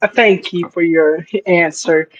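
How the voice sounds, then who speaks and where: A young-sounding moderator running a casual online debate, relaxed and rambling, with slangy asides. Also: medium pitch, a little slow, dull audio.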